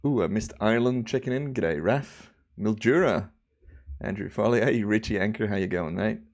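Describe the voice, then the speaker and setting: A young man hosting a relaxed livestream, chatting casually and rambling with viewers. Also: fairly low pitch, moderate pace. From Australia. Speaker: livestream host.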